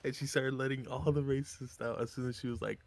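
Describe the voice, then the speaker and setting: A man's voice: mid-range voice, quick pace, gravelly. A young man and regular streamer casually telling a story, cursing and acting out the people in it. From Mexican heritage. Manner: animated, acts out voices in anecdotes, profane.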